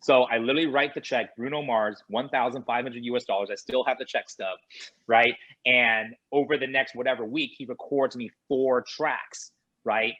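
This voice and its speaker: Husky man telling an animated story. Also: mid-range voice, moderate pace, dull audio. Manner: lively anecdote-telling, acting out quoted dialogue with laughs. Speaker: podcast guest.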